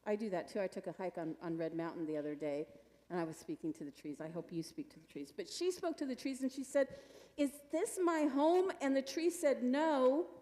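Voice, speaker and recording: A woman telling a children's story to a congregation at a church service, animated and playful. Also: lowish voice, fast. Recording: long reverb of a church hall.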